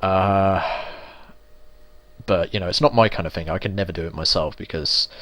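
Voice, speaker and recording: A man's voice: sits low, normal speed, fairly bright tone, no echo. A young man from England giving casual, sweary, ranting commentary while playing a video game. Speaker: let's play gamer.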